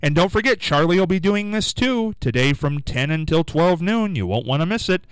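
A man hosting a live radio call-in quiz, with an upbeat, sing-song way of answering callers and a throat going hoarse. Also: on the high side, normal speed, no room sound, rough recording. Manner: lively, upbeat, sing-song when rejecting guesses. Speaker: radio call-in show host. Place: radio studio.

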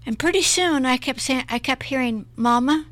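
A woman's voice: high voice, animated, normal speed, fairly bright tone, no room sound. A middle-aged woman minister giving an earnest, emotional personal testimony in an interview, often repeating herself.

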